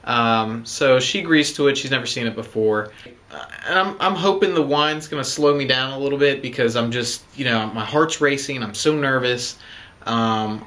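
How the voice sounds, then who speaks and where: A man's voice: mid-range voice, fairly bright tone. A young man casually telling the story of his proposal, rambling with lots of fillers. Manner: rambling, many fillers like "you know" and "um".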